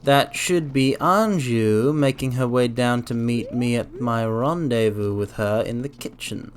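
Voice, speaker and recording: A game streamer talks loosely through their play session, rambling from one thought to the next. The voice sits at an ordinary middle pitch and breaks into goofy sound effects, with a faint hiss under the recording. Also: unhurried. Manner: rambling and playful, drops into silly sound effects. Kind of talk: casual game commentary.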